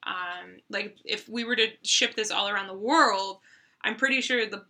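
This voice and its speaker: A young woman hosting a casual board game review, chatty and quick to giggle. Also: mid-range voice, bright, forceful tone. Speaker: host.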